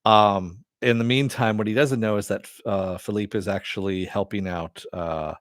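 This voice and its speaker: A man's voice: lowish voice, steady tone, moderate pace, no room sound, clean studio sound. A man hosting a casual live-stream TV review, rambling with many fillers and frequent chuckles. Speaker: show host.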